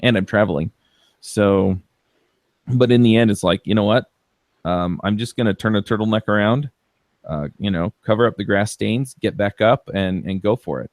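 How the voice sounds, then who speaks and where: Podcast co-host, male, deep and dry, rambling casual delivery with fillers. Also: normal speed, no room sound. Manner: relaxed storytelling with many fillers.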